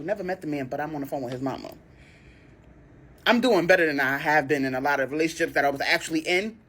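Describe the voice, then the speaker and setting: A young woman tells a dating story in a casual storytime style, with dramatic retellings and sudden high-pitched outbursts. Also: slightly rough.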